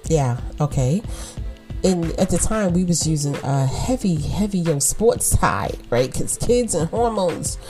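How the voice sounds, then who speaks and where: A woman hosting a casual motivational podcast in a low, mellow voice. She speaks with emphasis, repeats words for stress and laughs often. Faint music plays behind her. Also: lively intonation, a little slow, hardly any pauses. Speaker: podcast host and mother.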